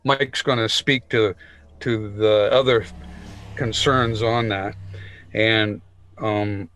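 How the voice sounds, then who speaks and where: A man chairing a town meeting, speaking in a measured way with many fillers as he moves through the agenda. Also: lowish voice, fairly even intonation, fairly bright tone, a little hiss or hum.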